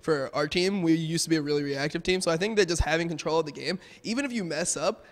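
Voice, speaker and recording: A young man, a pro gamer, talking casually and quickly in a post-match interview, with lots of "um" and "like". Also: fairly high pitch, in a large hall. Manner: fast, casual, filler-heavy.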